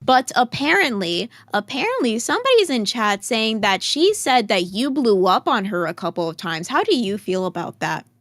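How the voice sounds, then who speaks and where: Sassy female co-host, higher voice, dry close sound, teasing delivery. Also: big pitch swings, moderate pace, few pauses, a bit bright, no echo. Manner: teasing and sassy, reads chat. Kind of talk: casual chat.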